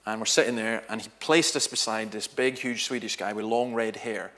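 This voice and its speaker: A middle-aged minister speaks in a church, telling stories with lively shifts of voice. He acts out the people in his anecdotes as he goes. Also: on the low side, normal speed. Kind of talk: sermon talk with anecdotes.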